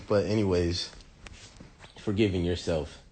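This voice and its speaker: A man in a casual vlog monologue, telling a story in an animated, dramatic way and swearing often. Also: rumbling low, slightly rough. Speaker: vlogger.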